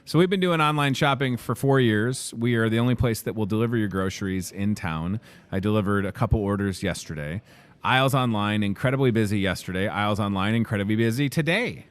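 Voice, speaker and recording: A young man hosting a grocery store's daily video, energetic, jokey and rambling, recorded in the store. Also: lowish voice, a little fast, clean tone. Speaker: host.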